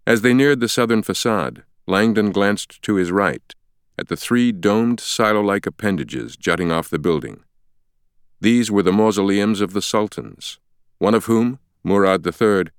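A man narrates a thriller audiobook in a measured, even storytelling delivery. His voice sits very low. The recording is dry and close, with no room sound. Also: clean tone, no echo. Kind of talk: scripted narration.

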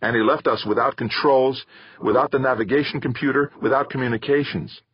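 A man's voice: medium pitch, steady tone, a little fast, slightly rough, no room sound, dull audio, voice pushed up, lightly acted. A man voicing a bitter, stubborn teenage boy who talks back, in a storybook reading.

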